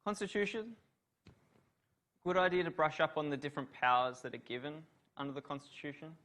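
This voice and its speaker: A man's voice: fairly high pitch, animated, brisk, sharp tone. A man giving a university revision lecture on law, asking students questions and praising their answers.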